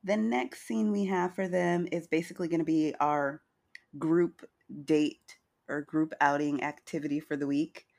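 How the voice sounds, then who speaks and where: A woman co-hosting a casual recap chat, chatty and wry, with a slightly hoarse morning voice. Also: low-pitched, steady tone, a little slow, a little mellow. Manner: chatty, wry, retells scenes with quoted lines. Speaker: podcast co-host recapping a reality show.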